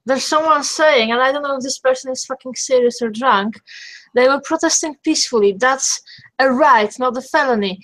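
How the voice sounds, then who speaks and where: A woman's voice: high voice, moderate pace, a bit bright, rough recording. A woman from Poland with a Polish accent, talking bluntly and swearing as a co-host in a casual live-stream chat, often restarting her sentences.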